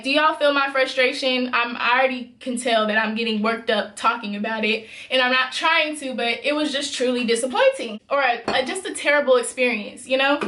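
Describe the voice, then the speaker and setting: A woman's voice: sits high, bright, forceful tone, echoey room. A young woman from Memphis, telling a worked-up, emphatic storytime straight to her viewers. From Memphis, USA. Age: young adult. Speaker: vlogger. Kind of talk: storytime vlog.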